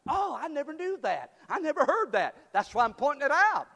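Pastor, man, very high-pitched, fervent sermon delivery, reverberant church hall. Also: big pitch swings, brisk, vocal fry. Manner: fervent preaching, swelling to shouts. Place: church sanctuary. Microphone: church PA microphone.

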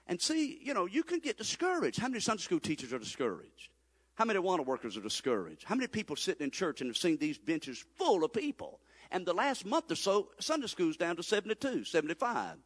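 Impassioned pastor in a reverberant church. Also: male voice, wildly swooping pitch, quick pace, breathy edge. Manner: impassioned, swinging from loud appeals to low confiding asides. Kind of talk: sermon. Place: church sanctuary.

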